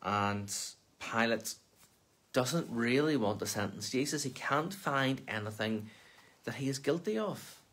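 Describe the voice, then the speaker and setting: A minister reading a Bible passage aloud for Lent, then explaining it in plain, conversational talk. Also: male voice, mid-range voice, expressive, measured pace, a bit bright.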